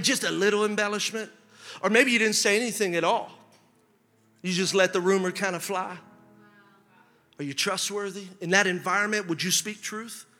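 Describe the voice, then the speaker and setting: A man preaching a sermon as pastor, asking rhetorical questions and building to shouted emphasis. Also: high voice, long reverb tail.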